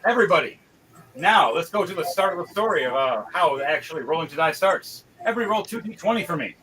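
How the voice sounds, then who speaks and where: A man's voice: fairly high pitch, animated, quick pace, low-quality recording. A man narrating as game master of a tabletop role-playing session, in a loose, conversational way with frequent restarts.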